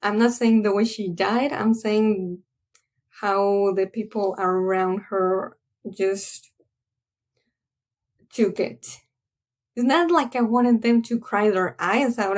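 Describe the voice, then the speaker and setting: A woman giving a casual spoken film review, earnest and halting as she searches for her words. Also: medium pitch, darkish tone. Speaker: anime reviewer.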